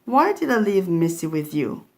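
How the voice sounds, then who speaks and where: A woman voicing a fussy, anxious young mother in a storybook read-aloud, shrill and scolding. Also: very animated, normal speed, darkish tone.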